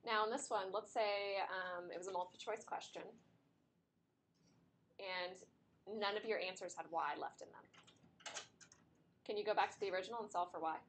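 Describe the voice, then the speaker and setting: A woman's voice: medium pitch, fairly even intonation, normal speed, pauses often, a bit bright, slight background noise. A woman teaching a math class, explaining steps to her students while she is losing her voice and it keeps cracking. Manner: talks through steps at the board, chatty with students.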